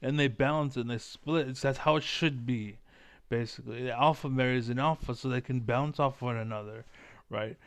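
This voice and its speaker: Speaking at normal speed, a man goes off on a rambling political tirade full of profanity, often derailing mid-thought. He throws in squeaky, mocking impressions, and the sound is smooth and echo-free.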